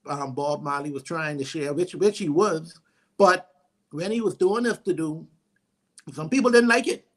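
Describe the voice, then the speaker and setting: A Bahamian man co-hosting a casual talk show, telling stories in an animated way and often restarting his words. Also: a little high, moderate pace. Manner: animated storyteller, stutters on restarts. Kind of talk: casual chat.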